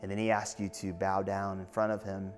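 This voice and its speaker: A man's voice: deep voice, monotone, fairly quick. A man giving a sermon as pastor, earnest and conversational, telling stories to his congregation. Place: church sanctuary. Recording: long hall reverb, faint music behind.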